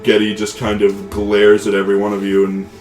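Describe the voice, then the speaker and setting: A man's voice: on the low side, monotone, fairly quick, echoey room, over music. A man narrating a tabletop game as game master, in a casual, rambling way with many fillers. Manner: casual, filler-heavy, laughs often.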